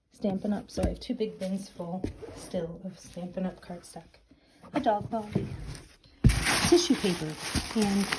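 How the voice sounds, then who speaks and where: A woman's voice: medium pitch, heavy background noise. A middle-aged woman giving a casual, self-deprecating tour of her home office, slightly out of breath, filmed on a handheld camera. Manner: chatty, self-deprecating asides. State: a little out of breath. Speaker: craft and journaling vlogger.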